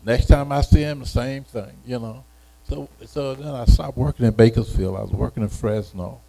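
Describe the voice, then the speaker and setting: An elderly man in his eighties recalls his past in an interview, his voice gravelly and very dark. He talks unhurriedly and haltingly, often circling back over his words. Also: medium pitch, poor audio. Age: 80s. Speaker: retired educator being interviewed. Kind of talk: reminiscing personal story.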